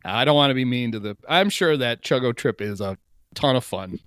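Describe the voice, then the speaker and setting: A man hosts a sports podcast in a loose, joking way, wandering off track and restarting his sentences. His voice sits at a middle pitch. It is recorded close on a dry microphone. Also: lively intonation, fairly quick, a bit bright, clear, resonant tone, no room sound. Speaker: podcast host. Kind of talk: casual sports chat.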